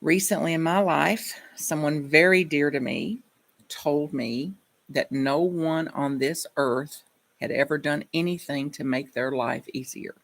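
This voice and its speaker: A woman's voice: low voice, unhurried. A woman minister giving a reflective sermon, telling personal stories in a conversational way.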